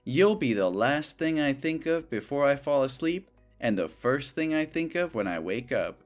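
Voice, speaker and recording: A man's voice: mid-range voice, expressive, normal speed, faint music behind, lightly acted. An actor playing a possessive male coworker who talks in a sugary, overly familiar way. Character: clingy possessive male coworker, young adult. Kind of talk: scripted dialogue drama.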